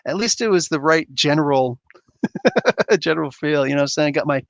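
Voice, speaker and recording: A man's voice: fairly high pitch, a little fast, a bit bright, dry recording. A man hosting a casual livestream, rambling and chuckling as he reacts to chat comments. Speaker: livestream host reading chat.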